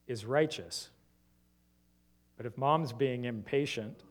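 A man preaching a sermon, questioning his listeners and swinging between emphatic rises and soft, low drops. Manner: asks the congregation many rhetorical questions.

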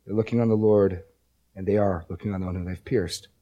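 A male preacher giving a sermon, reading scripture aloud with slow emphasis and explaining it in a conversational way, often repeating words as he restarts. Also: low voice, fairly even intonation, phone-quality sound.

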